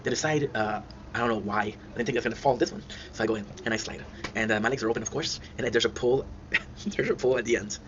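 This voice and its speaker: Fast-talking man, laughing storyteller. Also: medium pitch. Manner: rambling, laughs through his stories. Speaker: channel host. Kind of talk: casual storytelling. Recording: dull lo-fi sound with clear noise.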